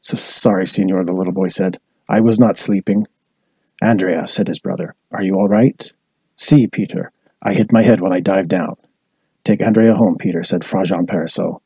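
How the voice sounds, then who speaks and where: Deep, dark-voiced man reading a novel. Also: steady tone, moderate pace, slightly rough, dry recording, low-quality recording. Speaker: audiobook reader. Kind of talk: scripted narration.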